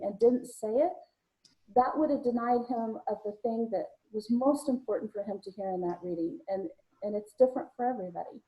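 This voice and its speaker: Her voice is fairly high yet dark in tone as she co-hosts a live video-call show as a psychic medium. She keeps things chatty, telling anecdotes and laughing easily, over a rough recording.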